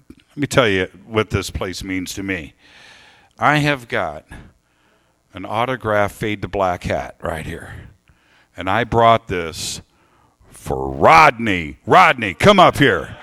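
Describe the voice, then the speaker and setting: A man speaking live to an audience, telling a story with lively emphasis and thanking people. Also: on the low side. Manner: animated storytelling, warm thanks. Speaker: radio host giving a talk. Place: lecture hall with audience.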